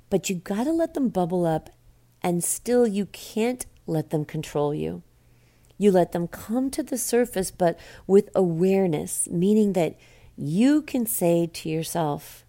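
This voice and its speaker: A woman hosting a podcast, talking calmly in a coaching, reflective monologue. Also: lowish voice. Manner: calm, coaching, speaks in quoted self-talk. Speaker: podcast host.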